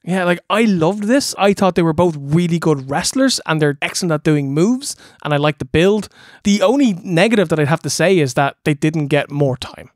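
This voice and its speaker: Animated swearing male podcast co-host. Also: on the high side, normal speed, few pauses, no room sound, clean studio sound. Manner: enthusiastic, swears and laughs a lot. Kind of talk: comedic wrestling review chat.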